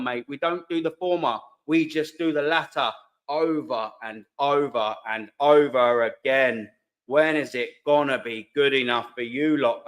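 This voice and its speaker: A man's voice: a little high, a bit bright. Ranting profane British man. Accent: British English. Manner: heated, profane, sarcastic. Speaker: fan channel host. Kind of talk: live-stream rant answering comments.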